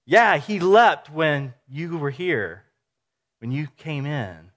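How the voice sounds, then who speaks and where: A man preaching a sermon in a conversational, animated way, acting out little scenes for his listeners. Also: on the high side, moderate pace. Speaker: pastor.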